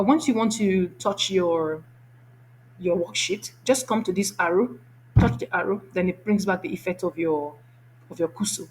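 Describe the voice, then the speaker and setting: A woman teacher narrating a screen-share software tutorial, enthusiastic and repeating key words for emphasis. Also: fairly low pitch, slight background noise, poor audio.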